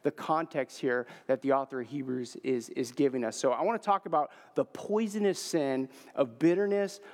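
A man's voice: on the high side, darkish tone. A man in his forties preaching a sermon, telling a personal story casually, with frequent filler words. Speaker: pastor. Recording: long hall reverb.

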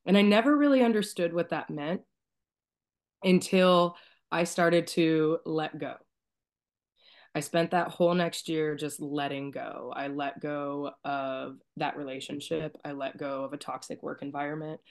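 A woman with a low-pitched voice shares a deeply personal story as a guest. She speaks softly and emotionally, at times near tears, and her phrases trail off into quiet murmurs. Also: steady tone, measured pace. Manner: soft-spoken, tearful at times, trailing off quietly. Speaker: podcast guest.

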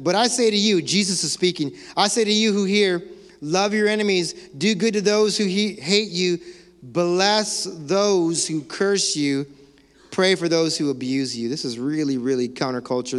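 A man preaching a sermon as pastor, animated and conversational, acting out excuses and laughing now and then. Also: on the high side. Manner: animated, mock-quotes excuses, laughs often. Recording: long hall reverb.

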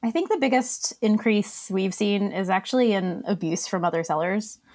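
A woman joins an interview as a guest and answers questions in a plain, direct, matter-of-fact way. Her pitch sits in a middle range. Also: moderate pace, darkish tone. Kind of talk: casual interview.

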